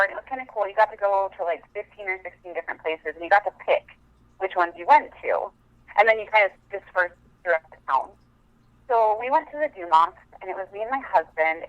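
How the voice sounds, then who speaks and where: A woman's voice: medium pitch, no echo. Chatty woman calling in by phone. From Montana, USA. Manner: chatty, rambling with many fillers. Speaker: caller. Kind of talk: casual phone-in storytelling. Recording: dull phone-line audio.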